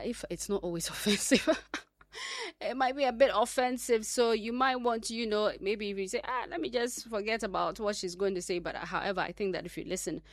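A woman's voice: medium pitch, no echo. A woman hosting a radio talk segment, delivering an earnest, emphatic monologue full of fillers and restarts. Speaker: radio host.

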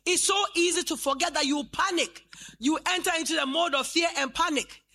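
A woman in her late fifties preaches to a congregation, her voice high and bright. She quotes scripture slowly, then builds to loud, fervent declarations. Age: 50s. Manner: fervent preaching, rising to shouts. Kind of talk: sermon. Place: church.

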